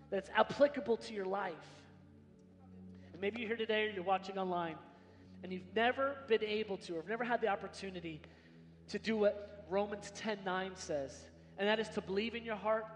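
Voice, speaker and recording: A man preaching a sermon as pastor, swinging from hushed lines to shouted emphasis in a large church hall. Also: high-pitched, a little hiss or hum. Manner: dramatic swings from soft to shouting. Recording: long hall reverb.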